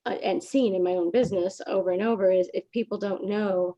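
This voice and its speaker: A woman's voice: medium pitch, steady tone, brisk, dark tone, rough recording. A woman who owns a business, speaking on a panel in a thoughtful, emphatic way. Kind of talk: panel discussion.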